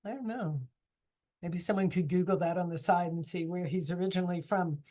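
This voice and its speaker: A woman's voice: fairly low pitch, brisk, mellow. A woman teacher running a casual online class discussion, chatty and encouraging, asking students question after question.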